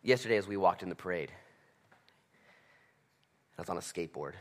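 A pastor in his thirties preaches in a low, expressive voice at a fairly quick pace. His sermon is conversational and self-deprecating, and he hammers points home by repeating them.

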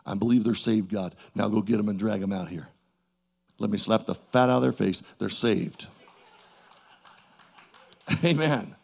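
A man preaching a sermon to a congregation in a church service, folksy and animated, with emphatic repeats and asides to the crowd. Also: fairly low pitch, vocal fry.

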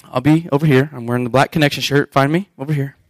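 A man preaching a sermon as pastor, animated and acting out scripture scenes. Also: mid-range voice, fast, no room sound, rough recording.

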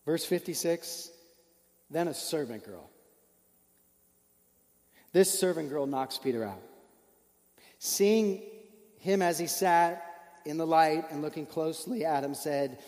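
High-voiced preacher in a reverberant hall. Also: male voice, moderate pace, darkish tone. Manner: earnest storytelling, rising with emotion, rhetorical questions. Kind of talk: sermon.

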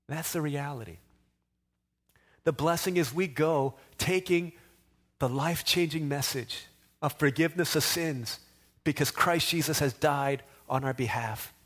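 A middle-aged pastor preaching in a somewhat higher voice. He swings between animated, raised exhortation and hushed, intimate storytelling. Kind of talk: sermon.

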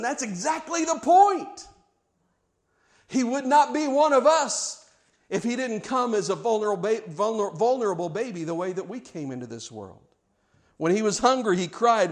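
A middle-aged male pastor preaching a sermon in a church, animated and playful, swinging from hushed lines to loud emphatic ones. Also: sits high.

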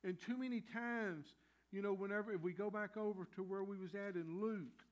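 A middle-aged pastor, preaching a sermon in a folksy, earnest way with many "you know" fillers. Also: male voice, high voice, fairly quick.

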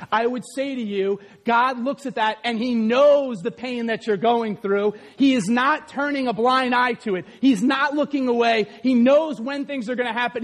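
Preaching in a church sanctuary, a pastor with a very high voice keeps things lively and full of jokes. Shouts burst out often, and the long reverb of the hall rings through his voice.

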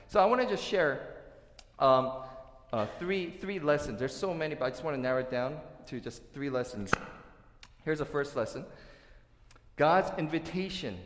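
Animated preacher in an echoey hall. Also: male voice, medium pitch. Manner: animated, acts out quoted voices, swings from loud to hushed. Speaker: pastor. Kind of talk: sermon.

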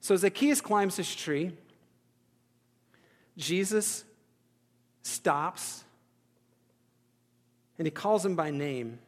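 A man's voice: sits high, drawn-out words, pauses often. A man preaching a sermon in a conversational, self-deprecating way, acting out the thoughts of the people in his story. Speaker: pastor. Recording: hall reverb.

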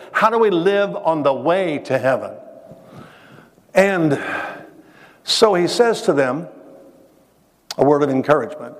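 A male preacher talks his church through a sermon in a chatty, storytelling way, often asking the congregation questions and pausing for effect. His voice is of middle pitch, and it rings out with a long hall reverb. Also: creaky. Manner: conversational, addresses the congregation directly with questions; restarts phrases, dramatic pauses. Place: church sanctuary.

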